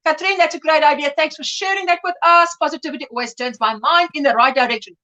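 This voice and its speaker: A woman's voice: high voice, quick pace, bright, forceful tone, highs cut off. A middle-aged woman hosting a casual livestream, chatting and reading viewer comments aloud with lots of rambling restarts. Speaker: livestream host. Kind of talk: casual chat.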